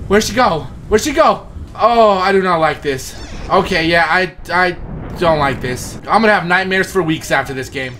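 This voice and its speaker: Man, gaming host, horror let's play, high voice, jumpy, nervous mutters to yelps. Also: lively intonation, normal speed, fairly bright tone, a little hiss or hum.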